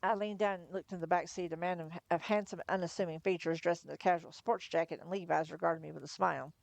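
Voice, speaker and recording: A woman reading a novel aloud on a livestream in first person, chatty between chapters, her voice going hoarse. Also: lowish voice, fairly even intonation, fast talker, no echo. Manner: chatty, laughs between asides. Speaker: livestream storyteller.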